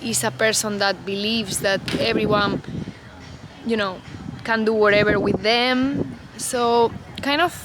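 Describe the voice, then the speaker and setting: A woman's voice: mid-range voice, steady tone, unhurried, very noisy. A woman vlogger talking unscripted to camera outdoors, in a loose, reflective way full of "you know" and "like".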